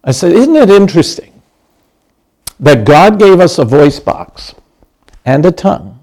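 Older male pastor in his sixties, slightly high voice; chatty, humorous sermon delivery with acted-out quotes. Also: sing-song, a little slow, darkish tone. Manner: conversational, humorous, acts out quoted lines.

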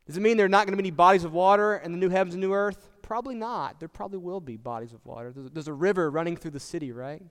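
Male pastor, high and smooth, conversational sermon with questions to the room, church hall reverb. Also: fast talker, few pauses. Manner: conversational, asks the congregation questions.

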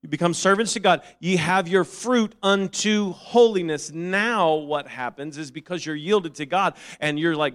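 A man with a somewhat high voice preaches a little slowly, reading and quoting scripture and repeating phrases. He moves from quiet reasoning to loud, fervent calls.

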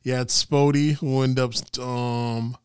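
A man co-hosting a casual podcast, talking in an animated way, laughing often and swearing freely. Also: mid-range voice, slow, clear, resonant tone, no echo, clean studio sound. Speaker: podcast co-host. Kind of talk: casual chat.

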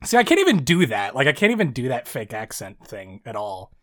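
With a mid-range voice whose pitch swoops wildly and a slightly quick pace, this Canadian speaker from near Toronto co-hosts a podcast. The Southern Ontario accent comes through in rambling, profane casual chat that keeps breaking into laughter and restarting.

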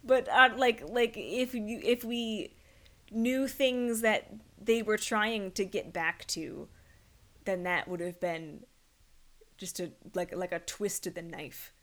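A woman co-hosting a casual movie podcast, animated and gushing, laughing often. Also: medium pitch, takes it slowly. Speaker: podcast co-host.

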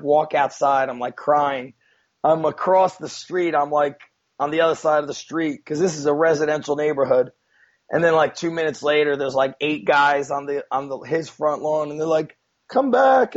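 A man telling a story as a guest in a casual, rambling way, with many fillers and frequent swearing, on a dull lo-fi recording. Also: on the high side. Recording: dull lo-fi sound.

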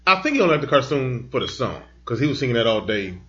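A man's voice: mid-range voice, sing-song, fast talker, sharp tone. A man around forty in casual chat, telling stories animatedly and acting out his kids' lines. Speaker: podcast co-host. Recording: dull lo-fi sound.

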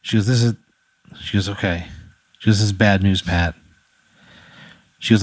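A man's voice: fairly low pitch, steady tone, normal speed, pauses often, no room sound. A man improvising a comedic hypothetical story, loose and rambling, checking in with "right?" as he goes. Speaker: podcast co-host posing a hypothetical.

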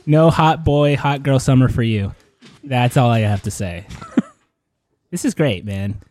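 A man's voice: mid-range voice, expressive, takes it slowly, darkish tone. A man co-hosting a casual podcast, joking crudely and laughing often. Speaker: podcast co-host. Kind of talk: casual chat.

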